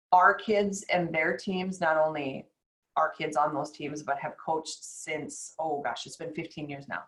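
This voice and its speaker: A woman's voice: on the low side, a bit bright, low-quality recording. A woman who hosts a podcast and works as a chiropractor, talking in a chatty, rambling way in a casual interview. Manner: chatty, rambling, quick bursts and laughs.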